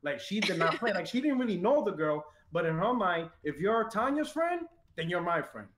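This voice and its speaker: Animated high-voiced New man. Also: moderate pace, roomy sound, noisy background. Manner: animated, swearing, quotes people in raised voice. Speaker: podcast guest telling stories. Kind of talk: casual storytelling.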